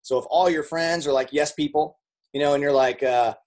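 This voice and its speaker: A man giving a casual motivational talk to a group, talking conversationally with many fillers and repeats, and acting out quoted people with sudden jumps in pitch. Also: fairly even intonation, a little fast, a little mellow. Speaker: speaker on network marketing.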